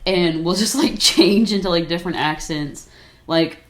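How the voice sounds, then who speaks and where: A woman hosting a podcast, chatting casually in an animated, joking way. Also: on the low side, normal speed. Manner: animated, joking, laughs often. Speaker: podcast host. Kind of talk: casual chat. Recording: noisy podcast recording.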